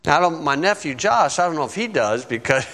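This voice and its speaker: A man's voice: a little high, expressive, fairly quick, pushed and bright, long reverb tail. A man teaching a Bible lesson in a conversational, folksy way, often checking in with his listeners. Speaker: preacher.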